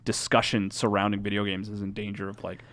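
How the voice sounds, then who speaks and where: Man, podcast co-host, fast earnest talk, dry close sound. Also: on the low side, completely flat delivery, a bit bright, no room sound. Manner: quick, earnest, filler-heavy. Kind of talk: casual panel discussion.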